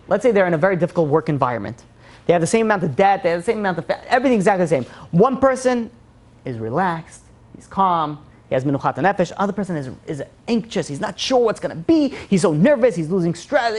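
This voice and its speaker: A man, a rabbi, giving a class on faith, telling a story expressively and swinging from loud to soft. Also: high-pitched.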